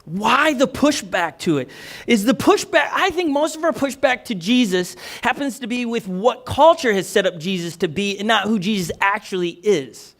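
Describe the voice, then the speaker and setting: A male pastor preaching a conversational, energetic sermon, often restarting his sentences. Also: sits high, moderate pace.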